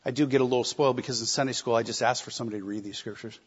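A man preaching a sermon, emphatic, with rhetorical questions and shifting loudness. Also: medium pitch, fairly even intonation, racing, husky. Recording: slightly dull lo-fi recording.

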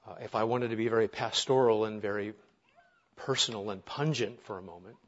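A man's voice: lowish voice, brisk. A male pastor preaching an earnest, emphatic sermon, asking his listeners rhetorical questions. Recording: dull lo-fi sound.

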